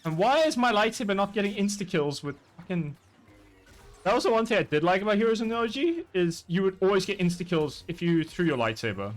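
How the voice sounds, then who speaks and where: A man chatting casually while gaming, animated and swearing freely. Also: sits high, a little fast, faint music behind. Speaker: streamer playing a game.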